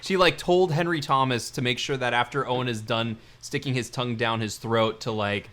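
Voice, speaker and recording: A man's voice: medium pitch, a little fast, fairly bright tone, slight background noise. A man co-hosting a podcast, chatting casually and jokingly as he retells scenes from a show. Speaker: podcast co-host. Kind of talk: casual chat reviewing a TV series.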